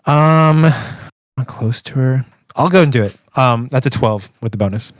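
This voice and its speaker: A man at a tabletop game talking quickly and hesitantly, restarting as he weighs his options. His voice is mid-pitched and recorded dry, close to the mic. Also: no room sound. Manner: hesitant, quick, thinking aloud. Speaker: player. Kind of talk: casual tabletop play.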